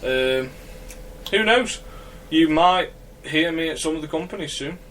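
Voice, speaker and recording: A man's voice: on the high side, expressive, unhurried, fairly bright tone, distant mic, a little hiss or hum. A man, a podcast co-host, joking in casual chat with stumbling restarts.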